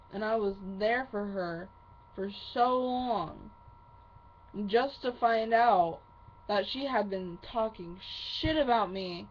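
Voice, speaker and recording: Woman, angry venting, heavy swearing, slow drawn-out delivery, dull lo-fi recording. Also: mid-range voice. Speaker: vlogger. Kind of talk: angry venting monologue to camera.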